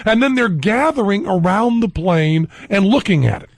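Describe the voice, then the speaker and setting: A man with a raspy, gravelly voice pitched a little high tells a comic anecdote as a guest on a talk radio show. He laughs at his own punchlines as he goes. The studio sound is close and dry. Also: animated, normal speed, no echo. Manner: comic, self-amused anecdote telling with frequent laughs. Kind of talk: animated storytelling on talk radio.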